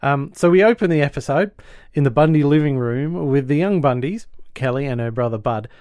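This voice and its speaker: A man's voice: a little high, lively intonation, fairly quick, darkish tone, no echo, clean studio sound. A male podcast host recapping a sitcom episode in a chatty way, laughing easily and acting out the lines.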